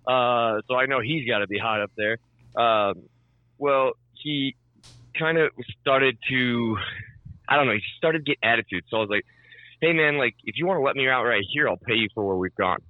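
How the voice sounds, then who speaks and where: A man in casual chat tells a long story, swearing freely and acting out both sides of the conversation. His voice sits at a middling pitch. The sound is dry and a little dull, like a lo-fi podcast recording. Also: normal speed, no echo.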